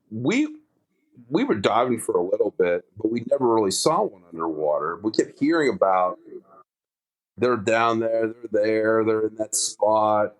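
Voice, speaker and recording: A man's voice: fairly low pitch, low-quality recording. A man, an underwater photographer, telling a diving story in a casual interview, acting out his own quoted dialogue with many restarts.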